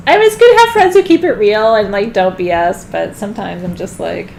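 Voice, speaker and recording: Woman, tarot reader, casual live reading, laughs often, fry in the voice, background noise. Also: medium pitch, expressive, unhurried, pauses often. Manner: chatty, laughs often, gets loud when joking.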